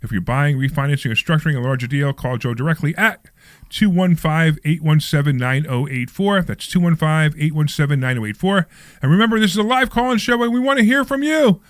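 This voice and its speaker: A man hosting a live call-in radio show, talking fast and joking with his co-host. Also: a little high, expressive, dry recording. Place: radio studio.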